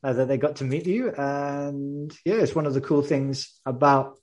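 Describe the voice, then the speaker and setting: A man hosting a casual interview, talking in a relaxed way and often pausing with um and yeah. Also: medium pitch. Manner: relaxed, many fillers like um and yeah. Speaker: host.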